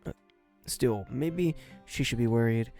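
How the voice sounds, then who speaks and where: A man's voice: medium pitch, measured pace, warm tone, faint music behind. A man streaming and reading a visual novel aloud, voicing the narrator in first person with a few stumbles.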